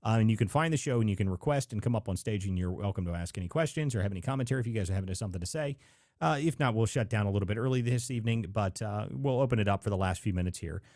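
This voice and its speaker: A man hosts a live political talk stream, offering casual commentary in a rambling, emphatic way and leaning hard on "like" as he shares opinions. His voice is fairly low and a little mellow, animated and very fast. The recording is studio quality with no room sound.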